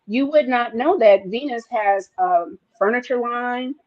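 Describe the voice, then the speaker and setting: A woman co-hosting a casual talk show, telling stories in an animated, expressive way. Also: fairly high pitch, a little slow. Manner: animated, expressive storytelling, rising with excitement. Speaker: podcast co-host. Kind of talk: casual chat. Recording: slightly dull, muffled sound.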